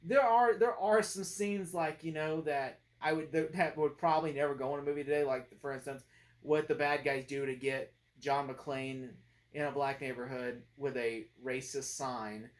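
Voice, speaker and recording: A young man giving a casual, rambling movie review, full of fillers and half-finished sentences, quoting lines in low mutters. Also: fairly even intonation, normal speed.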